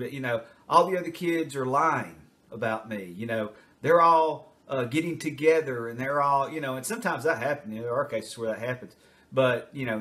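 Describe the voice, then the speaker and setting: Talking to camera, a retired teacher and school administrator in his later years offers casual advice point by point, wandering and leaning on fillers. He speaks at medium pitch with a fairly bright tone.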